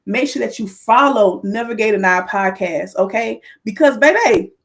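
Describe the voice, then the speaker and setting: A woman hosting her podcast livestream, talking straight to viewers, lively and excited. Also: medium pitch, normal speed. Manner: lively, excited, calls to the audience. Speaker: podcast host.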